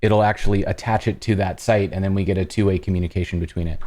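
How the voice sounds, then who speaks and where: A man hosting a live-coding stream, casually talking through each step as he works, with halting restarts. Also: low-pitched, steady tone, warm tone.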